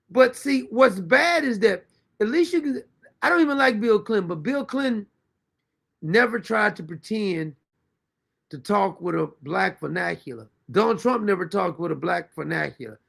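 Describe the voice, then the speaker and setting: Gravelly high-pitched guy hosting a stream, reacting loud and disbelieving to clips. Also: expressive, normal speed. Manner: incredulous, loud outbursts, frequent laughter. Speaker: show host. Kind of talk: commentary over played clips. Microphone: streaming mic.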